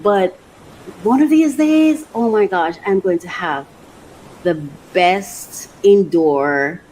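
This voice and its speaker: A woman hosting a podcast and chatting casually about things she bought, talking in an animated way and laughing often. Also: mid-range voice, slow, a little hiss or hum, poor audio. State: emotional, near tears. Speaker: podcast host. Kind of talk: casual unboxing chat.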